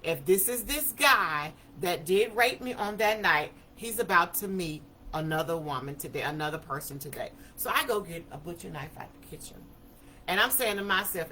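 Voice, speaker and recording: Emphatic woman in her fifties, bright voice. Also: on the low side, expressive, moderate pace, rough recording. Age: 50s. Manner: vivid, emphatic storytelling with vernacular speech. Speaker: speaker. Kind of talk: personal testimony talk.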